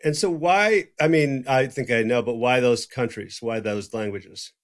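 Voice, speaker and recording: A man's voice: medium pitch, measured pace. A man co-hosting a podcast, asking probing questions in casual conversation. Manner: inquisitive, asks probing questions. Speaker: podcast co-host.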